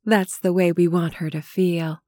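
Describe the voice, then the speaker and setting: A woman's voice: lowish voice, little pitch movement, unhurried, warm tone, no room sound, clean studio sound, lightly acted. A woman voicing an anxious, doting young mother in an audiobook reading. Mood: fretful. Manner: earnest, eager, a little fretful.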